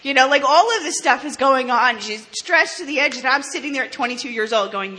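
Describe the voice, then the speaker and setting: A woman's voice: sits high, animated, a little fast, hardly any pauses, pushed and bright, slight background noise. A woman, frankly telling her own recovery story, blunt and swearing, with restarts and laughs. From New Jersey, US. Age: 30s. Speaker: recovery speaker. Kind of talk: candid personal testimony.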